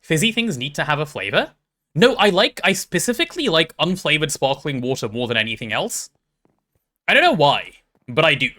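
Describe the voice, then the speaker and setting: Guy streaming a game, chatty, bright voice that bounces all over, thinking out loud. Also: on the high side, sing-song, a little fast. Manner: chatty, thinks aloud while playing and answers chat. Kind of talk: casual gaming stream chat.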